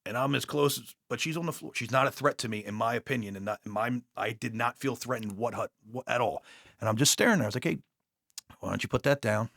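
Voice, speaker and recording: Speaking quickly in a creaky mid-range voice, this podcast guest and police officer is recorded dry and clean in a studio. His casual storytelling is profane and rambling, full of animated retellings where he voices the quoted dialogue himself.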